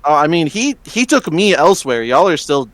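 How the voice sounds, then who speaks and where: A man's voice: a little high, very animated, normal speed, a bit bright, dry recording. A man playing a tabletop game over an online voice call, chatting in a goofy way and laughing often. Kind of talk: casual game chat.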